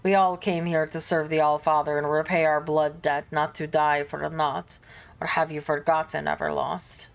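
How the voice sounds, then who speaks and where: A proud, brooding space wolf warrior with a low, dark voice, as a woman reads him out. He speaks defiantly and with growling menace, in game dialogue read aloud. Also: little pitch movement, moderate pace, creaky. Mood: stern.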